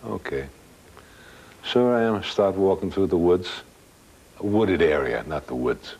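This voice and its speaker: An older man casually telling a personal anecdote as a guest, halting at times and acting out dialogue. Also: low-pitched, expressive, darkish tone, breathy edge, muffled recording. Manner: plain-spoken, halting, with restarts and quoted dialogue. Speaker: guest storyteller.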